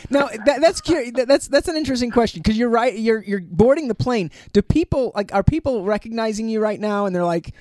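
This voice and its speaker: A man's voice: very high-pitched, lively intonation, fairly quick, few pauses, a little mellow, dry recording. A man hosting a radio interview, an eager fan who stumbles over his words. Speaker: radio host.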